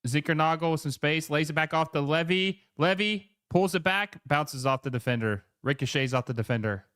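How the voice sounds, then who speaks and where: Excitable man calling a match live. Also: fairly high pitch, brisk, clear, resonant tone, dry recording, clean studio sound. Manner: excitable play-by-play, chatty asides to viewers. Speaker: live watch-along host. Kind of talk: live match commentary and chat reading.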